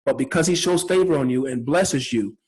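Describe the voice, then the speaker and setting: Man, middle-aged, podcast host, husky voice, earnest storytelling, repeats himself. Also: mid-range voice, brisk, darkish tone, low-quality recording. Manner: earnest, spiritual, repeats words often. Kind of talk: personal storytelling.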